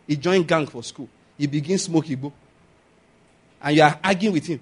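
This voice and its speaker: A man's voice: on the high side, moderate pace, husky. A man with a Nigerian accent preaching a sermon, repeating his points emphatically and chuckling often. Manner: emphatic, repetitive exhortation with frequent chuckles.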